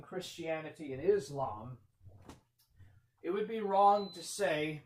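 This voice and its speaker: A man talking slowly in a somewhat high voice, hosting a livestream. He rambles and repeats himself, answers chat messages, and swings between speaking up and muttering. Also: a bit bright. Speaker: livestream host.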